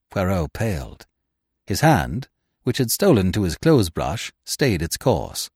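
Male audiobook narrator, lively and dramatic, lower voice, dry close sound. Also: measured pace, husky, no echo. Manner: expressive, dramatic reading. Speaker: podcast narrator.

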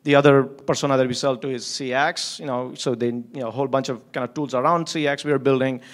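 A man's voice: medium pitch, fairly even intonation, fast. A man who runs a company, talking casually in an interview, candid and profane, with frequent restarts and a habit of chuckling through his stories. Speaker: company founder and CEO.

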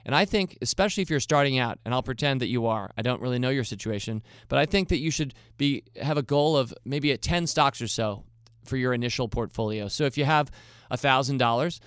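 A man's voice: medium pitch, fairly quick, a bit bright, clear, resonant tone, dry recording, studio quality. A man from the United States hosting his investing podcast, talking through listener questions in a conversational, upbeat way with the odd light laugh. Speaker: podcast host. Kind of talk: casual solo podcast talk.

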